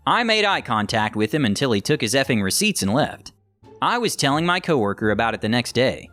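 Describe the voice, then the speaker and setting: A man narrating a story in an animated, lively way, his pitch rising and falling freely at a middle register. He acts out the quoted lines as he reads, with faint music playing underneath. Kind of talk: scripted narration of online stories.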